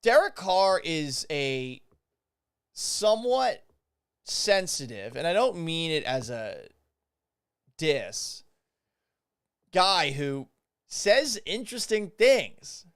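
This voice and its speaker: A man hosting a live sports talk show, delivering an animated, sarcastic monologue and swearing for emphasis. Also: fairly high pitch, drawn-out words, pauses often, clean tone, dry recording, studio quality. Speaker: podcast host.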